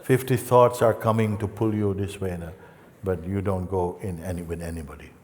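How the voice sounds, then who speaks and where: Male spiritual teacher, low-pitched, gentle and playful, recorded in a hall with long reverb. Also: fairly even intonation, a little hiss or hum. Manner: gentle, playful, with long pauses and soft asides. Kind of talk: satsang talk.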